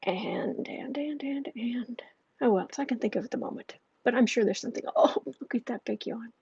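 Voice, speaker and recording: Broadcasting from home on an earpiece mic, an astrology and tarot livestream host chats loosely and reads comments from her chat, rambling warmly with frequent fillers and asides. Her voice is a little high, fast, gravelly, and slightly rough, and the audio is dull with no echo.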